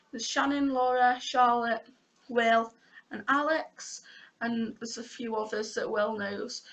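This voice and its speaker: Young woman, high voice, heartfelt, frank, casual swearing, near tears. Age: young adult. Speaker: vlogger. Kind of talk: emotional personal vlog.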